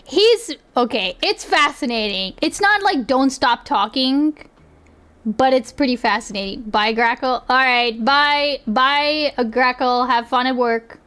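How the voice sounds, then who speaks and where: A young woman streaming and reacting in casual chat, excitable, laughing often and swearing freely. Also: sits high, a little slow, smooth.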